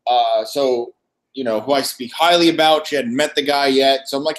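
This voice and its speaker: A man on a casual live-stream chat, telling a lively story and acting out the dialogue. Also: mid-range voice, normal speed. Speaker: co-host. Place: wine shop after hours, dim lighting.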